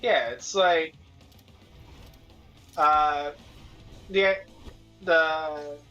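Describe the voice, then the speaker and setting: Guy rambling on a podcast, bright voice, lo-fi dull audio. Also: on the high side, steady tone, extremely slow, soft background music. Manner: rambling, many fillers, laughs a lot. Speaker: podcast co-host. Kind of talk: casual chat. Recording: dull lo-fi sound.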